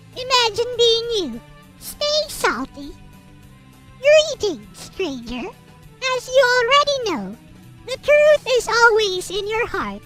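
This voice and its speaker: A smug troll with a piercing, squeaky voice that swoops up and down as it reads in a sarcastic, mock-solemn tone, as a streamer puts it on. Faint music plays behind it. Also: fairly bright tone, exaggerated voice. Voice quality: very high, squeaky put-on voice. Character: squeaky high-pitched troll, mocking and smug. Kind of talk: reading satirical prose aloud in a character voice.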